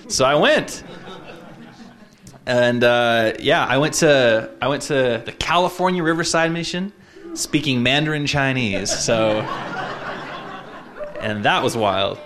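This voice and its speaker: Man, twenties, from Utah, casual personal story, reflective, halting, fillers. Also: medium pitch, a bit bright.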